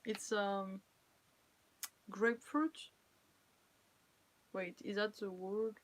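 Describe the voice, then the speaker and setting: A woman's voice: mid-range voice, fairly even intonation, very slow. A young woman from France with a French accent, chatting casually and playfully on a live stream, laughing often and teasing her viewers. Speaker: cosplayer streamer.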